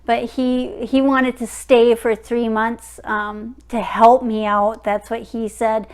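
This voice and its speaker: A woman's voice: little pitch movement, slow pace, clean tone. A woman in her fifties telling a personal story to her vlog viewers in a frank, blunt way. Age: 50s. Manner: frank and blunt, drops into a low murmur when reading texts aloud. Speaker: vlogger. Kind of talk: casual storytelling to camera.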